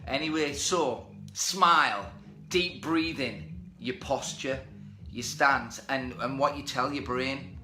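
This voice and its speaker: A man's voice: mid-range voice, slow, bright, forceful tone, roomy sound, soft background music. A man hosting a motivational live stream from home, talking energetically and reading out viewer comments. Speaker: host. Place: indoors at home. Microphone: webcam or phone.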